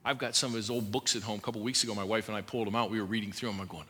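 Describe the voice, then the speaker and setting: Man pastor mid-sermon, sharp and forceful tone, urgent repeated pleas, long reverb from a church hall. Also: lowish voice, fairly even intonation, rapid-fire, few pauses, husky. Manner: impassioned, pleading preaching with urgent repetitions. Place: church service before a congregation.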